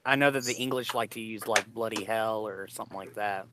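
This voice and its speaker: A man's voice: fairly low pitch, fairly quick, crowd noise. A man hosting a casual video-call chat, laid-back and joking. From Texas, USA. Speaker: host.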